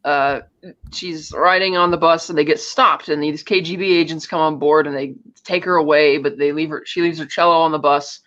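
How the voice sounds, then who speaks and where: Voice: medium pitch, steady tone, moderate pace, a bit bright. A podcast co-host in casual chat, retelling a film's plot scene by scene and acting out the characters' lines. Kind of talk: casual film recap chat. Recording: dull lo-fi audio.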